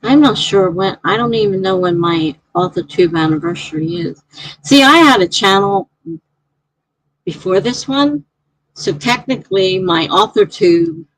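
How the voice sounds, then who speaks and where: A woman's voice: lowish voice, no echo, poor audio. A woman hosting a live stream, chatting casually and reading out viewer comments in a rambling way.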